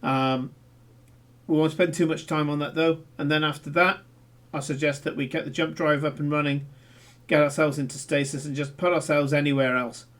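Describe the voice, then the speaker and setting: A man's voice: a little high, little pitch movement, normal speed, fairly bright tone. A man playing a tabletop game, talking casually and decisively as he lays out plans. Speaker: player. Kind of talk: casual tabletop role-play.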